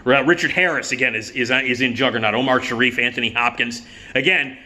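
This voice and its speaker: A man's voice: medium pitch, fast, pushed and bright. A middle-aged man talking casually about old disaster movies, sarcastic and profane, rambling with lots of fillers. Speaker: film commentator. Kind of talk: casual ranting movie talk.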